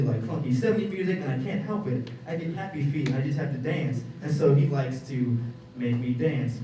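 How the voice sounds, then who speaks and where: A young man performing a stand-up comedy set, animated, jumping into quick high-pitched voices for the people in his stories. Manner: animated, acts out others in quick high bursts. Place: comedy venue. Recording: echoey club from a distant mic, audience noise.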